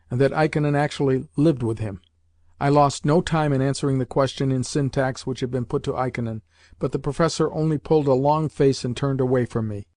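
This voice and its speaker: A male narrator reads a classic novel in a measured, even storytelling voice of middle pitch. The recording is dry and close, with no room sound. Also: no room sound. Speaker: audiobook narrator. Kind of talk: scripted narration.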